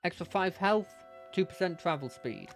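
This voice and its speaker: A man records a casual let's play, reading the game's narration aloud and chatting through his choices. His voice sits a bit high for a man, and soft game music plays underneath. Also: big pitch swings, moderate pace, creaky. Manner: casual, reads narration aloud, thinks out loud. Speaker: gamer.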